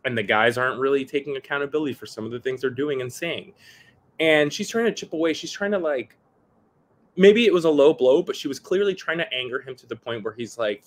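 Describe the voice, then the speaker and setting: A man's voice: mid-range voice, fairly quick, a little hiss or hum. A man chatting casually as a podcast guest, talking with animation and mimicking the people he describes. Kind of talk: casual chat. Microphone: video call.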